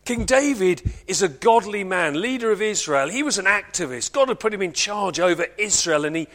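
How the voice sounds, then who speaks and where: A high-voiced man gives a Christmas sermon to his congregation. His delivery is earnest, and he often slows and drops to a hush to press a point home. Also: expressive. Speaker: preacher.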